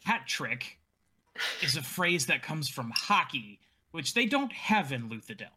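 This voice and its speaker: Man, bright tone, fairly high voice, animated, casual online chat. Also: a little slow, breathy edge. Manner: animated, swears, rising loudness when riffing. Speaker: podcast co-host. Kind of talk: casual book-club chat. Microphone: online voice call.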